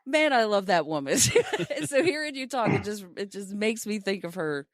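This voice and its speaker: A woman's voice: medium pitch, animated, moderate pace, no room sound, clean studio sound. A woman in her thirties chatting casually on a podcast, laughing often and poking fun at herself. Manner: laughs often, self-mocking. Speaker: podcast co-host.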